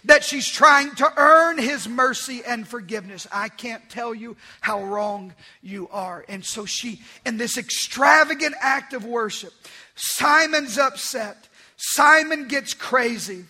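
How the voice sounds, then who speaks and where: A male pastor preaching a sermon, emphatic and repeating key phrases, swinging from loud declarations to hushed asides. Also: high-pitched, measured pace.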